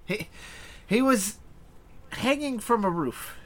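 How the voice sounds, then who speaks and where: A woman's voice: medium pitch, expressive, slow pace. A woman playing a tabletop game in character, talking in a hesitant, rambling, stop-start way. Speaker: player.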